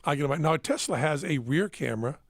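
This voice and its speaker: Podcast host, male, gravelly voice, self-mocking storyteller, dry close mic. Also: a little high, expressive, a little fast, no room sound. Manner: rambling, self-mocking, laughs at his own stories. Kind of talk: casual storytelling chat. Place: studio.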